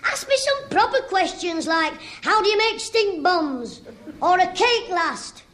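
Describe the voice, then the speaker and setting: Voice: very high-pitched, animated, measured pace, a bit bright, exaggerated voice. An actor playing a cheeky, back-chatting schoolboy in a 1960s radio sitcom. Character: cheeky cockney-free schoolboy, small, impudent.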